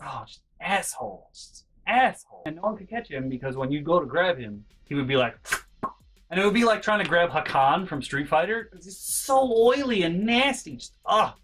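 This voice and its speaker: A young man telling a story about his school days in a casual, animated way, dropping to low mutters and jumping to sudden high yelps. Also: vocal fry. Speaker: storytelling vlogger. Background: faint background music.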